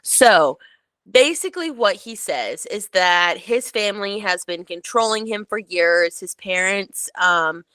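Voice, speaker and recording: A woman co-hosting a podcast, recounting a story in casual chat, animated and full of "like" and "um". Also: medium pitch, measured pace, clean tone, no echo. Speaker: podcast co-host.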